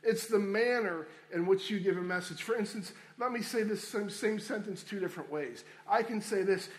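A man's voice: sits high, moderate pace, few pauses. A man preaching a sermon, addressing listeners as friends and repeating key phrases for emphasis. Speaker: pastor.

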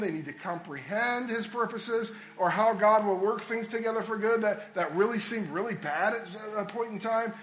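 A man's voice: high voice, a bit bright, echoey room, low-quality recording. A man preaching a sermon as a pastor, earnest and conversational, repeating key phrases for emphasis.

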